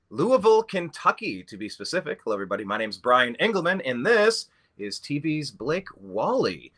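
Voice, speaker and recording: Male host, bright tone, easygoing chat, playful rambling delivery. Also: medium pitch, big pitch swings, moderate pace. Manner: playful, rambling, mock-grand intros. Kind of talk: casual podcast chat. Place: Louisville, Kentucky.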